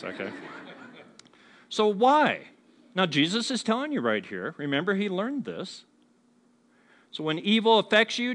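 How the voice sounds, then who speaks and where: A man with a higher-than-usual voice delivers a sermon to a live congregation. He keeps it conversational and joking, often asking the room questions. He slips into quoted voices to act out how people talk to each other. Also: a bit bright. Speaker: pastor. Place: church before a congregation.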